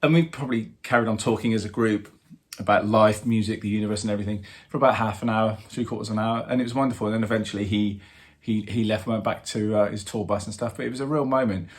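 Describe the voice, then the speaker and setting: A man in his fifties, a drummer hosting his own channel, telling a story with animated fan excitement and lots of fillers. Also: fairly low pitch, quick pace. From England. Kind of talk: casual storytelling to camera.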